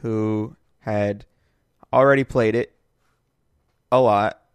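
A man's voice: lowish voice, steady tone, slow pace, clean tone, no room sound. A man co-hosting a casual gaming podcast, joking and giggly. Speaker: podcast co-host.

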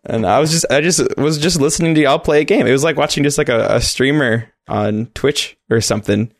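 Sick guy with a cold co-hosting, kinda gravelly voice, rambles, dry close mic. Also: medium pitch, brisk, dry recording. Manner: rambling, self-correcting, playful. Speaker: podcast co-host. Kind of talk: casual podcast chat.

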